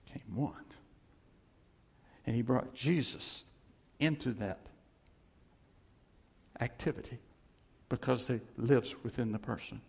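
Male preacher, raspy-edged and a touch high, animated, reverberant hall. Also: slow pace, pauses often. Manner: animated, acts out God's voice, rhetorical questions. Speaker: pastor. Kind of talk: sermon.

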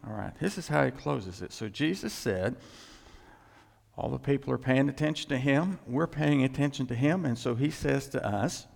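Gravelly male pastor preaching in a hall. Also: expressive, normal speed, a little mellow. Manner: emphatic, rises in pitch and volume for emphasis. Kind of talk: sermon. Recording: long reverb in a large hall.

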